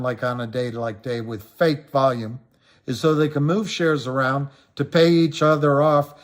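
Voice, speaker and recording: A middle-aged man hosting a casual livestream, rambling and repeating himself for emphasis, his voice climbing when he gets worked up. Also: mid-range voice. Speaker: livestream host talking stocks. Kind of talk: casual livestream talk answering viewers.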